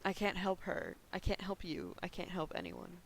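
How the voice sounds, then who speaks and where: A man reading the lines of a debt-ridden woman near forty, speaking in quiet, defeated confessions. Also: sits high, sing-song, normal speed, creaky, a little hiss or hum, full character voice, low-quality recording. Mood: ashamed.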